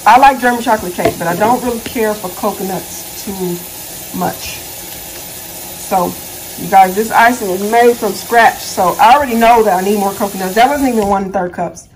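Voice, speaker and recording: A woman's voice: on the high side, fairly quick, slight background noise. A woman hosting her own cooking channel from a home kitchen. She chats casually as she works, rambling, stumbling over her words and correcting herself. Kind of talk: casual cooking vlog chat.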